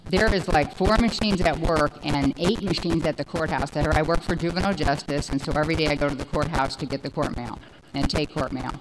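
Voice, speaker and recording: A woman in her forties giving a personal recovery testimony, rambling and animated, with many fillers. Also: deep voice, brisk, background noise. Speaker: speaker sharing recovery story.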